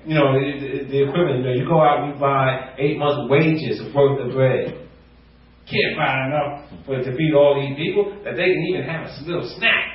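A man preaching a sermon, animated, acting out quotes and rising to near shouts. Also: medium pitch. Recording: echoey room, distant mic, muffled.

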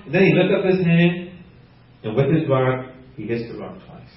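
A man preaching a teaching sermon, animated and laughing often, acting out the quotes he reads. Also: a little high, moderate pace. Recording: roomy, distant, muffled.

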